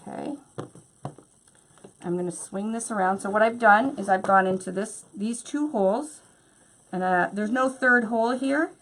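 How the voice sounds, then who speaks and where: A woman's voice: mid-range voice, moderate pace, long pauses. Chatty woman demonstrating a craft. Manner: chatty, bubbly, talks while working. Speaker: craft tutorial host.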